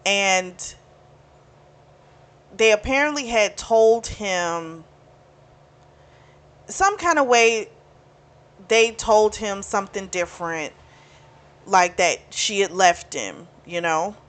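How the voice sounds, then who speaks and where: Woman, casual book review, frank and chatty, mid pitch, swears freely. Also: lively intonation, slow pace, long pauses, a bit bright. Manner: chatty and frank, swears freely, laughs at her own asides.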